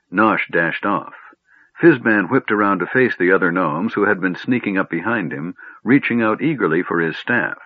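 Deep-voiced male storybook narrator. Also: dry recording. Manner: measured storytelling. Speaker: audiobook narrator. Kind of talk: scripted narration. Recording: dry, tinny phone-like audio.

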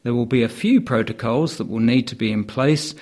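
A man's voice: medium pitch, brisk, a little mellow. A man reading local news items aloud in a plain manner, with the odd wry aside. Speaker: news reader.

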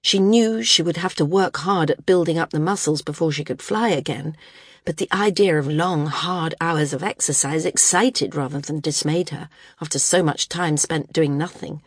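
A woman narrating an audiobook in a calm, even storytelling manner. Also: low voice, moderate pace, slightly rough, no room sound, clean studio sound. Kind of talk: scripted narration.

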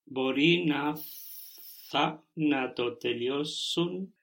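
A man's voice: fairly high pitch, creaky, fairly bright tone. A man learning a language, carefully repeating words and answering his teacher's prompts. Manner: slow, careful repetition of words. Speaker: language student. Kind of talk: repeating phrases in a lesson.

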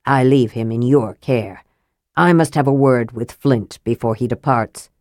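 Woman voicing a sly male mage, soft murmur, very low, dry recording, audiobook. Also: measured pace, no room sound. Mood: sardonic. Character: frail, sly male mage, cold and sardonic. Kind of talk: audiobook character voice.

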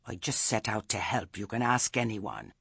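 A man voicing a stern old witch woman who speaks meekly and quietly, with menace under it. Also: rumbling low, normal speed, vocal fry, slightly rough, no echo, clean studio sound, heavily acted. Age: older. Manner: meek, soft-spoken, understated.

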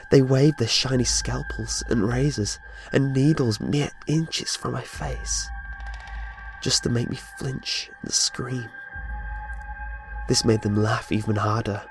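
A man's voice: medium pitch, fairly even intonation, slow pace. Guy reading a creepy story, dramatic delivery, faint music under it. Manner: dramatic storytelling with voiced dialogue. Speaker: narrator. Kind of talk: scripted horror narration.

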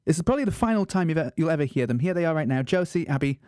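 A man's voice: fairly high pitch, expressive, very fast, darkish tone, clear, resonant tone, no echo, studio quality. A man presenting a radio show in a mock-serious, self-mocking monologue. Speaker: radio host.

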